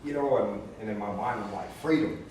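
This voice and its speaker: A man candidly sharing his personal story in a group, blunt and a little halting. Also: fairly low pitch. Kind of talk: personal testimony. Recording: echoey room from far off with hiss.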